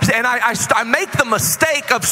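A man pastor preaching a sermon with passion, building into loud shouted, half-sung praise and yelling as he preaches. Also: extremely high pitch, fairly quick, big-room sound, faint music behind. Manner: passionate, yells when preaching. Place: church sanctuary.

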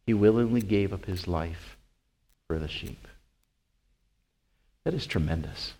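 A man preaching a sermon as pastor, asking his listeners question after question and swinging from loud, high calls to slow, hushed lines. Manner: asks the congregation rhetorical questions.

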